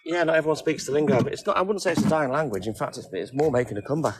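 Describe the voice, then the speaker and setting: A man's voice: fairly high pitch, rapid-fire, noisy background. A man in his fifties, a milkman chatting casually on a phone live stream and greeting viewers by name. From England. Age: 50s. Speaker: milkman livestreaming. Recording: music playing behind.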